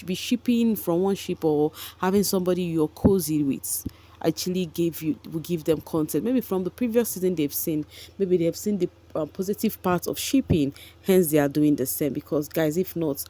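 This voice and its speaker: A woman's voice: on the low side, warm tone. A woman, gossiping chattily about a reality show for her vlog viewers, with frequent asides to them. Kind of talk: casual commentary vlog.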